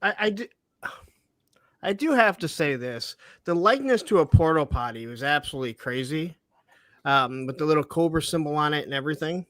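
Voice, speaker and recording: Joking man with a slightly high voice. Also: a little fast, dry recording. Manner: joking, animated storyteller. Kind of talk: casual chat.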